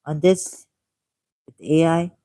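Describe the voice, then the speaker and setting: A man's voice: fairly high pitch, fairly even intonation, warm tone, no echo. Man with a Pakistani accent, musing reader. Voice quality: deliberate, repeats key words. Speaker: livestream host. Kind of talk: reading aloud with musing asides.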